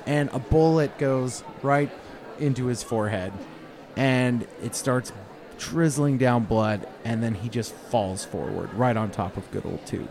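A man's voice: medium pitch, measured pace, a crowd in the background. A man running a tabletop game as game master. He narrates casually, joking and hesitating with fillers.

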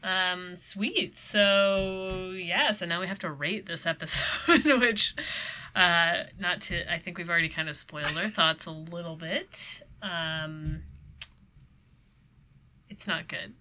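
A young woman co-hosting a casual podcast, with a bright, clear voice that sits slightly low. She jokes in a dry, deadpan way and laughs often between thoughts. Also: slow pace, slight background noise. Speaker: podcast co-host. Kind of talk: casual chat.

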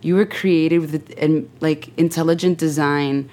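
A young woman speaking as a podcast guest in a heartfelt, animated, faith-filled chat, leaning often on "like". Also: low voice, measured pace.

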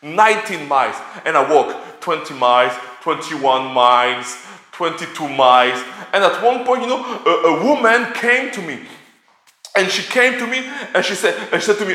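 Man, preacher, sermon, animated, echoey hall. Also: high voice, normal speed. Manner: animated, repeats words and restarts often. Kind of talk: sermon with storytelling. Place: church hall.

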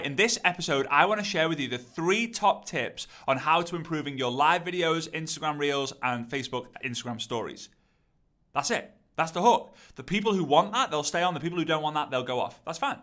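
A man coaching on content creation in an energetic, repetitive, rallying teaching monologue. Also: fairly high pitch, fairly quick.

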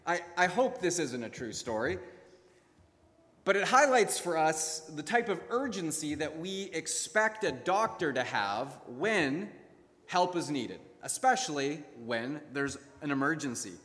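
A man's voice: on the high side, sing-song, unhurried, fairly bright tone, long reverb tail. A man preaching a sermon as pastor, telling a story and acting out its characters' voices.

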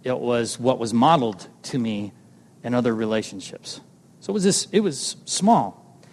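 A man telling a personal testimony as a sermon, animated, moving between loud exclamations and hushed tender moments. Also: medium pitch, normal speed. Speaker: preacher sharing a testimony. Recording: long hall reverb.

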